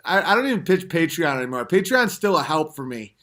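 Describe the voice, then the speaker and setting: A man with a bright, forceful voice on the higher side rants his way through a comedic podcast monologue at home at night. He swears constantly and lurches between loud yelling and low muttering. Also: very animated, a little fast. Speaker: podcast host. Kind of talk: comedic rant.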